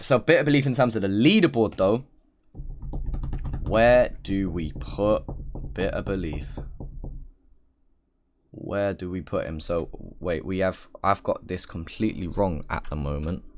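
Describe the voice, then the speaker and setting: A man's voice: low-pitched, slight background noise. A man from the United Kingdom hosting a casual reaction video, chatty and thinking aloud as he breaks down rhymes.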